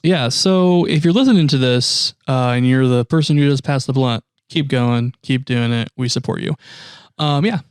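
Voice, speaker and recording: Laid-back young male co-host with casual swearing, mid-pitched voice and a dry, close sound. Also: moderate pace, smooth, dry recording. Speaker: podcast co-host. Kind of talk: casual chat.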